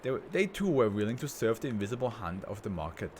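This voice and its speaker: A man's voice: on the low side, very animated, quick pace, a little mellow, slight background noise. A man playing a pompous tycoon brain in a jar. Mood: haughty. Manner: pompous, grandiose and contemptuous.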